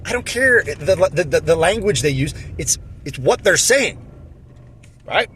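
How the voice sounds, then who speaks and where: A man with a fairly high voice speaks in an indignant, sarcastic commentary style, mocking the people he quotes. Faint traffic noise hums behind him, as if he records near a road. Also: expressive, measured pace, a bit bright. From New Jersey. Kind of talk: opinion commentary.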